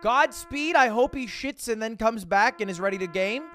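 A man's voice: sits high, moderate pace, a bit bright. A young man streaming, telling a rambling story to his chat with lots of restarts and swearing.

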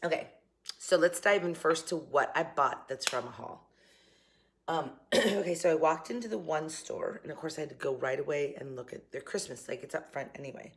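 A woman's voice: low voice, animated, moderate pace. A middle-aged woman with a Southern accent and a slight morning cough, chatting casually to camera from her kitchen. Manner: chatty, laughing, upbeat. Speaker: vlogger. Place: home kitchen.

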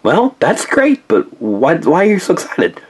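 A man voicing a clever, eager male inventor pup in a toy play-along story, insistent and excited. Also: fairly high pitch, unhurried, slightly rough, full character voice.

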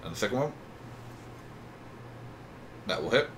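A man running a tabletop game as game master over online voice chat, matter-of-fact and quick to mock himself. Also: on the low side, animated, fairly bright tone, slight background noise.

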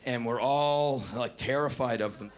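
Middle-aged guy doing spoken word live, gets loud and worked up, faint crowd noise behind, live stage recording. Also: mid-range voice, unhurried. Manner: animated, acts out voices, builds to excited shouts. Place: live stage before an audience.

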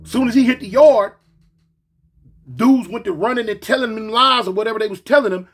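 Male storyteller, casual and slangy, husky voice pitched high, animated delivery. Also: fairly quick. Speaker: storyteller recounting his past.

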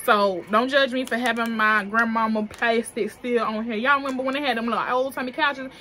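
A woman's voice: a little high, steady tone, brisk, pushed and bright, a little hiss or hum. A young adult woman talking in African American Vernacular English, chatty and profane, reviewing makeup in a casual vlog. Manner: chatty, slangy, profane, laughs often. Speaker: beauty vlogger.

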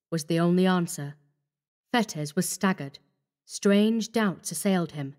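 A woman narrating a horror story in a measured, grave manner. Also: lowish voice, a little mellow.

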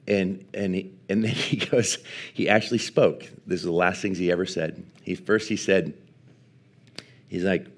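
Deep-voiced man preaching earnestly. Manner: earnest, halting with restarts and fillers. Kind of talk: sermon storytelling. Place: live church service.

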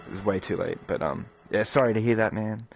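Excitable man commentating a game. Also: fairly low pitch, a little fast, vocal fry. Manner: excitable, swears, talks straight to viewers. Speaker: gaming video host. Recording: slightly dull recording with game music.

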